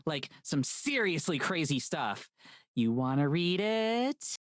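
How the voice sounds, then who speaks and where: A woman's voice: deep voice, sing-song, takes it slowly, no room sound, studio quality, full character voice. A woman voicing a blunt, teasing young best friend in a visual novel, speaking casually.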